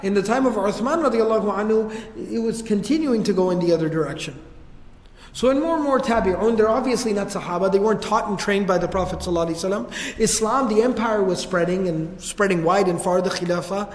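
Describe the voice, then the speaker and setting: A man teaching a religious history class in a casual storytelling way, with slangy asides. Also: sits high. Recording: echoey hall reverb.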